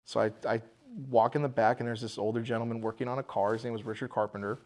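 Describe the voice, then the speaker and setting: A man's voice: medium pitch, little pitch movement, quick pace, a little mellow. A man, a bar owner, telling the story of buying his building in a casual podcast interview, acting out the voices of the people in it.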